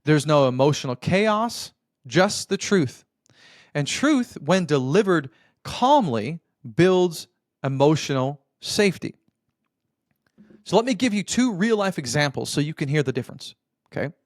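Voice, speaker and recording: A man with a fairly high voice gives motivational marriage advice as a podcast host. He talks like a coach, earnest and direct, checking in with the listener often and calling him brother. The recording is dry, with no room sound. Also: very animated, measured pace, dry recording.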